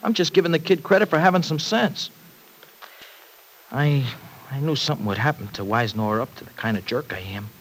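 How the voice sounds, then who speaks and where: An actor playing a brash, bitter young ex-con in a 1940s radio drama, talking in gruff slang. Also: male voice, mid-range voice, fairly quick, close to an everyday voice, low-quality recording. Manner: slangy, gruff, self-pitying talk. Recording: old radio recording with faint hiss.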